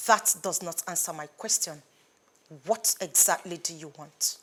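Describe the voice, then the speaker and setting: An actress playing an obsessive young woman who arranged a kidnapping, in a defiant, sharp-tongued manner. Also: fairly low pitch, a little slow. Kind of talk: Nollywood film drama.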